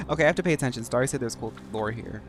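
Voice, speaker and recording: An American man streaming a game and chatting casually, rambling with lots of fillers. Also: mid-range voice. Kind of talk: casual gameplay commentary. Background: game music.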